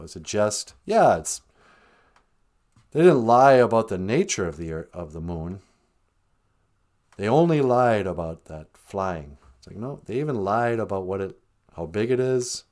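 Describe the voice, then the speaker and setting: Man, comic rant, mock-serious, rambling, animated pitch. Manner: mock-serious conspiracy ranting, trailing off with chuckles. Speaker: comedic vlogger.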